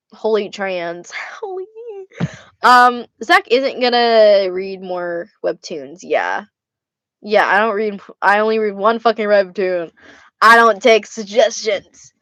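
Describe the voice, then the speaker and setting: A woman's voice: medium pitch, lively intonation, slow, a bit bright, no echo. A young woman vlogger answering fan questions in a casual way, blunt, laughing often and swearing freely. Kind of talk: casual Q&A vlog.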